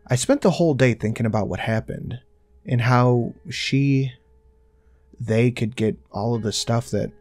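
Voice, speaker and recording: A man's voice: medium pitch, a little mellow. A man narrating a first-person horror story in a tense, intense way, swearing now and then.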